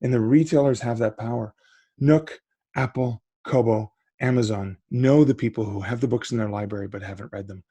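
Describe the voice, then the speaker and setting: A man's voice: mid-range voice, a little fast, warm tone, slightly rough, dry recording. A middle-aged man, a guest on a podcast, talking casually and eagerly about publishing, often restarting his sentences. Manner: enthusiastic, restarts mid-sentence.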